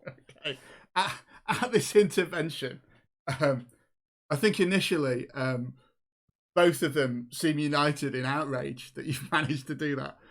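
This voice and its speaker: A man's voice: on the high side, a little slow, long pauses, a bit bright. A man running a tabletop game as game master, narrating with hesitant restarts. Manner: hesitant, many fillers and restarts.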